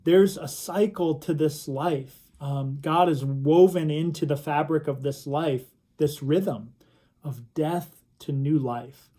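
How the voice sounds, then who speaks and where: Young man, youth sermon, slow earnest delivery, mellow warm voice. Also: a little high. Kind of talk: recorded youth reflection sermon.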